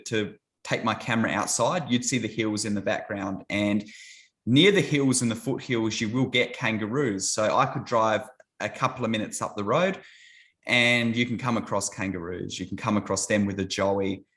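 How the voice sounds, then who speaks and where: A man's voice: on the low side, moderate pace, a bit bright. A man in his thirties with an Australian accent, chatting easily as a guest on a video call and often laughing. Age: 30s. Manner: easygoing, chatty, laughs often, repeats words. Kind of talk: casual video call chat.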